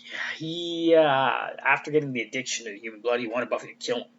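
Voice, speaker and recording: A man's voice: mid-range voice, a little fast, a bit bright, highs cut off. A man giving a casual, rambling fan recap. He swears freely and often trails off and restarts. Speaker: fan commentator.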